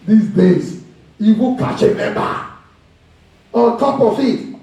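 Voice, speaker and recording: Male pastor, high voice with a mellow tone, preaching in a big echoey church from a distance from the mic. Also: normal speed. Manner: preaching with acted quotes and pidgin asides. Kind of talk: sermon. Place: church hall. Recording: very echoey hall, mic far off.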